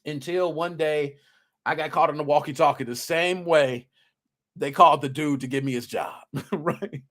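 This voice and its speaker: Animated man in his thirties telling stories. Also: on the high side, normal speed. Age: 30s. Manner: animated storytelling, slangy, acts out quotes. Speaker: podcast host. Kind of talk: casual solo podcast talk.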